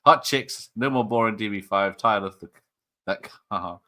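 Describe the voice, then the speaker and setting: A man's voice: lowish voice, normal speed, sharp tone. A man hosting a casual film watch party online, joking and rambling with frequent laughs. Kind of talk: casual chat over a film.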